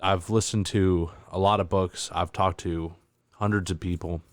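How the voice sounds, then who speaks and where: Man, podcast host, very low voice, hesitant rambling delivery, dry close sound. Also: steady tone, a little slow, no room sound. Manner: rambling, hesitant, many fillers. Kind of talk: casual chat.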